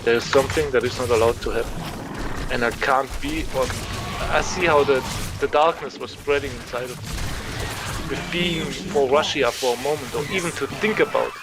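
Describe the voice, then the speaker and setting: A man's voice: medium pitch, normal speed, over music, poor audio. A man from Germany, chatting loosely and at length while streaming a game, swearing now and then. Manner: rambling, loose and talkative, swears casually.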